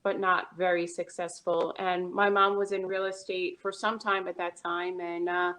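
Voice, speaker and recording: A woman's voice: on the low side, flat delivery, normal speed, a bit bright. A woman with a New York accent, a real estate agent chatting as a podcast guest in an upbeat, casual way. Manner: chatty and upbeat, with short laughs. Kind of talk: casual interview chat.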